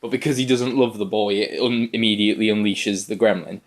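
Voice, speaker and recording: A man's voice: fairly low pitch, fairly even intonation, a little fast. A young man from the UK on a film review podcast, animatedly retelling scenes and laughing as he talks. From United Kingdom. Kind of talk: casual chat.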